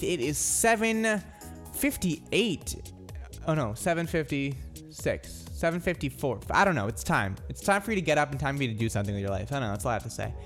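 A man's voice: a little high, a bit bright. A young man from Ireland co-hosting a radio show, chatting casually and rambling with lots of restarts. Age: young adult.

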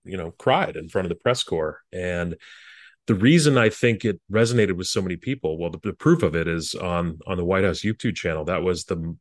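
A former speechwriter, a man, telling earnest stories in an interview, halting often and restarting his sentences. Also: low voice, no room sound, clean studio sound. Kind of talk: reflective interview storytelling.

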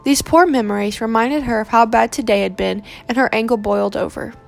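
Woman narrating with gravelly voice. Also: on the high side, soft background music. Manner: steady, measured narration. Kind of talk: audiobook reading of a romance novel.

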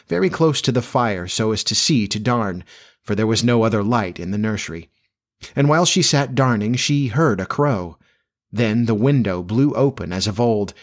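A man narrating a classic storybook aloud in a measured, expressive reading. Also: medium pitch.

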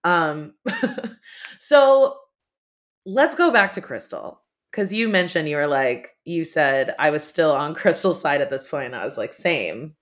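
A podcast host with a low, animated voice chats casually about reality TV gossip. She takes her time, laughs often and keeps the conversation lively.

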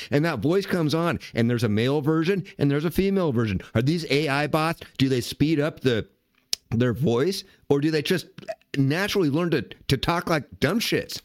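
A man's voice: a little high, no room sound, studio quality. An older man hosting a podcast, giving casual, rambling political commentary full of profanity. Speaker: podcast host.

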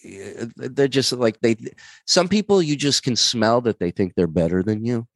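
A comedian man telling animated, rambling stories with many fillers, in a casual chat. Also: medium pitch, moderate pace, no echo. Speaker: comedian guest. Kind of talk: casual storytelling.

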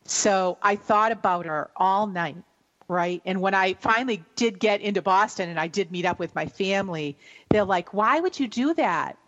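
A woman's voice: medium pitch, moderate pace, fairly bright tone, dull audio. A middle-aged woman telling a long story on a radio show, rambling and emotional, with many fillers and restarts.

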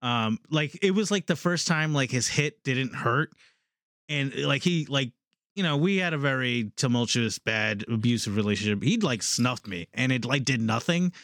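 A man's voice: mid-range voice, normal speed, no echo, studio quality. A man in his thirties telling stories in a casual chat, with lots of "like" and "literally". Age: 30s. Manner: animated storytelling, often says "like" and "literally".

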